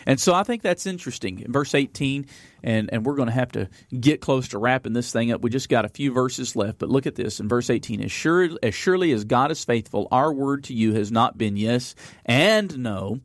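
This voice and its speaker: A man's voice: mid-range voice, expressive, brisk, no room sound. A man hosting a Bible study, reading verses aloud and then explaining them in an easygoing way, with frequent fillers. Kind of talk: conversational Bible teaching.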